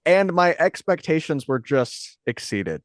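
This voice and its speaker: A podcast host casually discussing a movie, rambling and enthusiastic, with lots of fillers. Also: male voice, a little high, very animated, unhurried, no room sound, studio quality.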